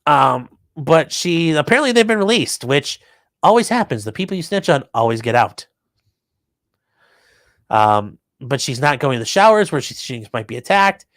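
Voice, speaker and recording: A man's voice: a little high, very animated, normal speed, fairly bright tone, no room sound. A man hosting a casual live stream, reading viewer comments and riffing on news with crude, offhand jokes. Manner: offhand, crude jokey asides. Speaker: livestream host reading chat.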